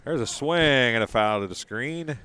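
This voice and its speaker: A man doing casual live play-by-play commentary, chatty and quick to laugh between calls. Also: medium pitch, animated, sharp tone, smooth.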